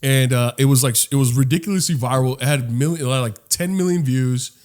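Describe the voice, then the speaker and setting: A man co-hosting a podcast in casual chat, animated and profane, rambling with many restarts. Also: medium pitch, a little fast. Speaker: podcast co-host.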